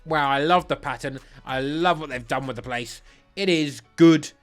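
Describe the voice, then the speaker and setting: A man's voice: normal speed, faint music behind. A man giving blunt, crude, sarcastic commentary while ranking football kits. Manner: blunt, crude and sarcastic, with big swings in pitch. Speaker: football kit reviewer. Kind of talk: comedic kit ranking commentary.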